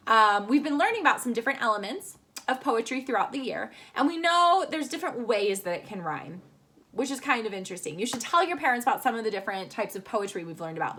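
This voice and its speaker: A woman with a bright, high voice teaches young children in a video lesson recorded from her room at home. She speaks cheerfully, slowly and clearly for kids, into a phone held at arm's length. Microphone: phone camera at arm's length.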